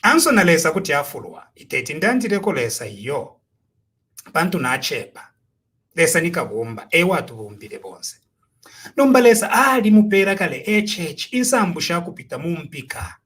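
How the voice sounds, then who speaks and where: A man's voice: a little high, big pitch swings, moderate pace, fairly bright tone. A man with a Zambian accent giving impassioned, preachy political commentary, full of rhetorical questions. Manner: preachy, rhetorical, switching between Bemba and English.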